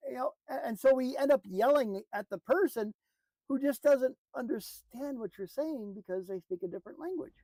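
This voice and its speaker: A man's voice: extremely high pitch, normal speed, dry recording, rough recording. Earnest man giving a motivational talk. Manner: earnest, repetitive, drops to a soft hush for emphasis. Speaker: motivational speaker.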